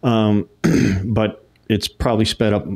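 A man's voice: fairly low pitch, takes it slowly, vocal fry. A middle-aged man from Connecticut, a retired umpire, telling stories in a casual interview and acting out quotes. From Connecticut, United States. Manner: animated storyteller who acts out quotes. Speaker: retired baseball umpire, guest.

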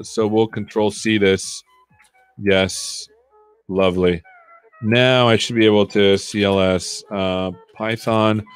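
A man's voice: lowish voice, clear, resonant tone. A man hosting a live coding stream, chatting casually and joking while he thinks aloud.

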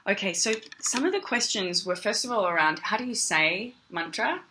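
A woman's voice: medium pitch, sing-song, moderate pace, background noise. An Australian woman teaching meditation on a casual livestream, chatty and greeting viewers by name. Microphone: phone.

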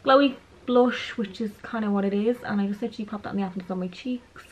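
A young beauty vlogger chats casually through her everyday makeup routine while applying it, sounding self-aware. Her mid-range voice moves fast, and the poor audio carries slight background noise.

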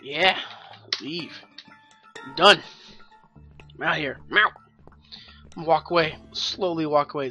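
A man's voice: fairly high pitch, slow pace, long pauses, sharp tone, dull audio, soft background music. A young man joking and swearing through rambling commentary while playing a video game. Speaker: let's play gamer. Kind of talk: profane sarcastic game commentary.

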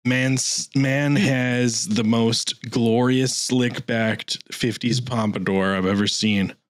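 A man's voice: medium pitch, steady tone, slow, no room sound. Man, casual podcast co-host, inquisitive and rambling, dry mic. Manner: curious, asks rambling questions.

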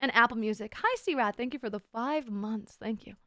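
A young woman streamer talks to her chat with a high, bright voice and crisp, clean diction. She is excitable and playful and swears freely. The recording is dry and close-miked. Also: normal speed, no echo. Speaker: VTuber streamer. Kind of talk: casual livestream chat.

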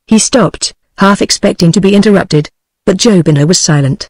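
A synthetic British female voice narrating an audiobook in an even, mechanical way. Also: fairly low pitch, normal speed, dry recording. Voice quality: even, mechanical text-to-speech delivery.

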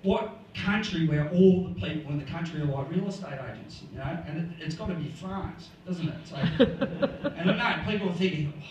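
A man's voice: a little high, lively intonation, normal speed, few pauses, muffled recording. A man with an Australian accent doing a rambling stand-up set, laughing at his own jokes. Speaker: stand-up comedian. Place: comedy club stage. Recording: echoey room, far mic, noisy.

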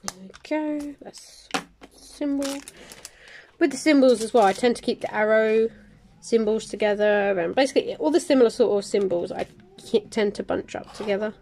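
A woman's voice: medium pitch, normal speed, gravelly, a little mellow, slight background noise. Chatty woman crafting host. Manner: chatty, muttering numbers to herself. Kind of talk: casual chat while kitting up a diamond painting.

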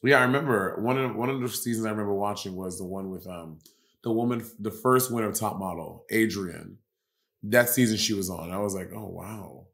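A man's voice: fairly low pitch, fairly quick, a bit bright. A man co-hosting a podcast in casual chat, reminiscing and searching for names with lots of fillers. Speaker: podcast co-host.

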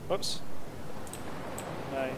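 A let's play host casually comments on a video game, swearing freely, joking and muttering his reactions as he plays. He draws out his words, and the recording is very noisy.

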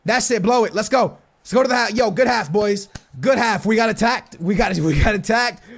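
A man commentating his own soccer video game, hyped and shouting at big moments, muttering quietly in between. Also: high-pitched, a little fast. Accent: American. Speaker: gaming YouTuber. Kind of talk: excited gameplay commentary.

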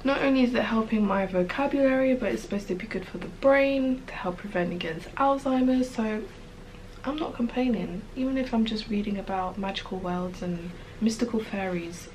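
Young woman rambling about her book, gushy, goes whispery sometimes, mid-pitch voice, bit of faint room hiss. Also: moderate pace, poor audio. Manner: gushing, excitable, drifts into soft whispers. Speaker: book vlogger. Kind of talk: casual vlog chat.

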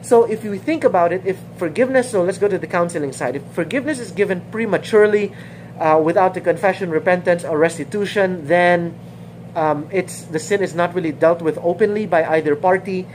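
Woman Bible teacher, relaxed sermon delivery, repeats herself for emphasis, somewhat low voice. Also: fairly quick, slight background noise, rough recording. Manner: informal, repeats phrases, acts out quoted dialogue.

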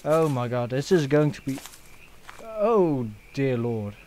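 Slow-talking man doing game commentary. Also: mid-range voice, big pitch swings, darkish tone, slight background noise. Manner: joking, swears, frequent fillers. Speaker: gaming channel host. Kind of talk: let's play commentary.

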